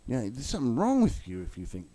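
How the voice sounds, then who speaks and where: A man's voice: mid-range voice, huge pitch swings, fast talker, dark tone. A man ranting heatedly and swearing bluntly about the crypto market, then walking through chart analysis in a video. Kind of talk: angry rant and chart commentary.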